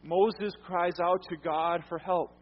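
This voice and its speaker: A man preaching a sermon as pastor, earnest, repeating phrases for emphasis and letting his lines fall quiet at the ends. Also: high-pitched, fairly even intonation, takes it slowly. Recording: dull, echoey hall sound.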